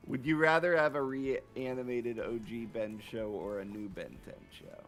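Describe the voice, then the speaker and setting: Man, laid-back stream co-host, unhurried, gravelly, reads chat aloud. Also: mid-range voice, expressive, soft background music. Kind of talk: casual livestream chat.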